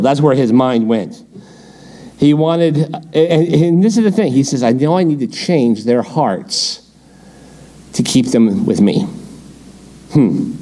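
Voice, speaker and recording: A middle-aged man teaching a midweek Bible study as pastor, in a conversational, storytelling way. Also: fairly high pitch. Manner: conversational, animated storytelling with laughs.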